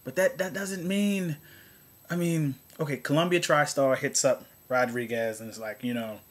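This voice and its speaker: A man talking casually to camera in a rambling, sarcastic rant. He keeps restarting his sentences and swings between low mutters and high, exasperated outbursts. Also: moderate pace. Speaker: vlogger.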